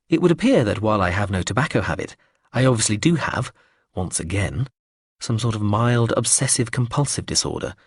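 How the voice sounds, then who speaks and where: A man with a low, husky voice reads a first-person audiobook in a wry, fretful way. His pitch moves a lot, and the recording is dry and close. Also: dry recording. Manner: wry, fretful inner monologue. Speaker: audiobook narrator.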